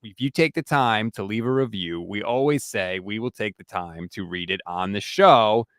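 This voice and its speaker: Male podcast co-host, casual and animated, dry close-miked sound. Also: on the low side, moderate pace, dry recording. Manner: animated, reads listener reviews aloud, gets emphatic.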